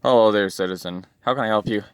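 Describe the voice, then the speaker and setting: A man voicing a heroic male superhero who speaks in a steady, formal, reassuring way in a lowered voice. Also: fast, smooth, dry recording, lightly acted.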